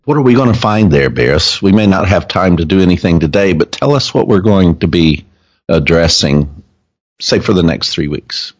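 A man hosting a religious podcast, talking in a halting, casual way with many ums and uhs as he explains things. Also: sits low, expressive. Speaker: podcast host and teacher. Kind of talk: casual chat.

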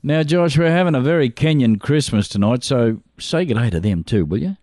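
A man's voice: mid-range voice, lively intonation, brisk, a little mellow. A man hosting a casual radio show, teasing callers and laughing often.

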